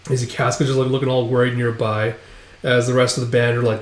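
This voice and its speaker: A man's voice: mid-range voice, little pitch movement, fast talker. A man casually narrating a comic recap in a loose, rambling way with many fillers. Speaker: manga recap host. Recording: roomy echo.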